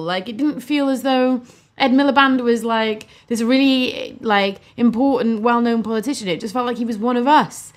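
A woman's voice: on the high side, normal speed. A woman co-hosting a podcast, talking in a casual, enthusiastic way with fillers and restarts. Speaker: podcast co-host. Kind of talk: casual political chat.

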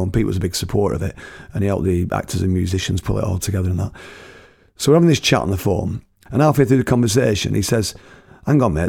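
Gravelly-voiced British man telling stories. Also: on the low side, a little mellow, no room sound, clean studio sound. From Britain. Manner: chatty, laughs at his own stories, slangy. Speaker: musician telling anecdotes. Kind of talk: casual storytelling.

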